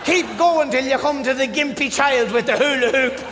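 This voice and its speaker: Man putting on a low-drawling Irish country fella, rambling directions, live hall echo. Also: moderate pace, noisy background. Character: long-winded rural Irish man giving directions. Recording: live room with long reverb, audible crowd.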